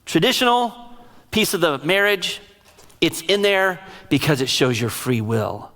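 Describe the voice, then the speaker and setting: Middle-aged guy pastor, fairly high voice, emotional storyteller, lots of echo from a big church hall. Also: expressive, a little slow, bright, forceful tone. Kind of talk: sermon. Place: large church sanctuary. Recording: long reverb of a large hall.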